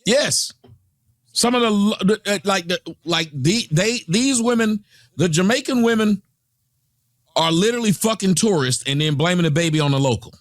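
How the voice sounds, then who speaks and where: Brief: high-pitched American man, lively swooping delivery, dry close sound, profane scornful reaction host. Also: normal speed, no echo. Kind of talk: ranting reaction commentary.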